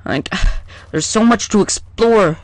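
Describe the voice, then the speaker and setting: A let's play gamer giving casual gameplay commentary in a hyper, excitable way, chatting to the creatures in the game. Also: mid-range voice, takes it slowly, no echo.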